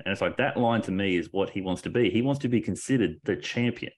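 Low-voiced man in excited casual chat. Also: fast talker, few pauses. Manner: excited, rambling, restarts often, swears casually. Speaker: podcast co-host. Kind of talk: casual wrestling discussion.

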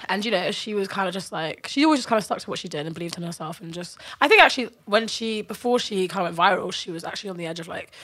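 A young woman with a croaky, nasal voice, chatting bluntly as a DJ guest on a podcast. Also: lowish voice, rapid-fire, hardly any pauses, a bit bright. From London. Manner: blunt, laughing, full of London slang. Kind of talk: casual chat.

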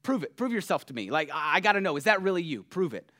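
A man's voice: a little high, very animated, quick pace, sharp tone, dry recording, studio quality. A man voicing Peter, an eager, bold fisherman, in a sermon. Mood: challenging. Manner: earnest, eager, challenging.

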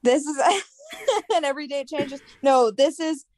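A woman's voice: high-pitched, animated, a little slow, darkish tone, dry recording. A young woman, a college student about to graduate, chatting as a podcast guest, upbeat and encouraging, laughing often. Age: young adult. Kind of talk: casual chat.

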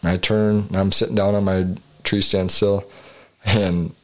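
A man's voice: low-pitched, level tone, measured pace. A man co-hosting a podcast, rambling through a hunting story in casual chat with frequent swearing. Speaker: podcast co-host.

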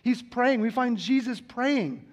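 A man with a high voice preaching a sermon. He speaks earnestly and repeats his key lines to drive them home. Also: takes it slowly. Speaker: pastor.

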